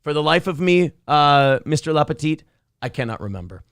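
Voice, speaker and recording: A man's voice: fairly high pitch, lively intonation, fairly quick, a bit bright, smooth, no echo, clean studio sound. A man hosting a casual podcast, joking crudely and ranting, reading out chat comments. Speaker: podcast host.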